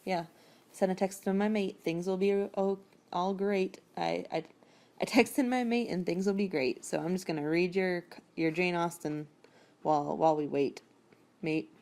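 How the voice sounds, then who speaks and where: Picture a blunt young woman who answers everything in a clipped, unbothered way. Her voice sits low, with a gravelly edge and a mellow, dark tone, as a woman reading a book aloud puts her on. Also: steady tone, moderate pace, lightly acted. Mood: breezy. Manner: matter-of-fact and curt.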